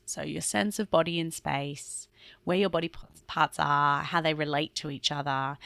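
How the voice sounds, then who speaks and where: A woman talks alone into the mic as a podcast host, in a low-pitched voice. Her tone is earnest and explanatory, loose and chatty, with a gravelly edge of vocal fry. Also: fairly bright tone, dry recording. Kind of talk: solo podcast monologue.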